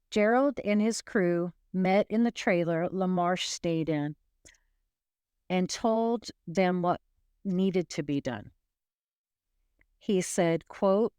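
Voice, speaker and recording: A woman's voice: medium pitch, darkish tone, smooth, dry recording, clean studio sound. A woman hosting a true crime podcast, retelling a case in casual, rambling storytelling with wry asides and frequent restarts.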